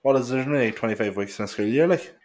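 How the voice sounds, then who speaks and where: A man's voice: mid-range voice, animated, racing, darkish tone, a little hiss or hum. A young man with a Northern Irish accent, co-hosting a podcast in casual chat, rambling with lots of "like" and swearing. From Northern Ireland. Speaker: podcast co-host. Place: small home studio.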